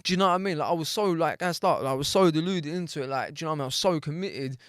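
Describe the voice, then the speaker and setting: Fast-talking man in his thirties. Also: a little high, no echo, clean studio sound. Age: 30s. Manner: animated storytelling full of street slang and swearing. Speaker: podcast guest. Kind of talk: casual storytelling interview.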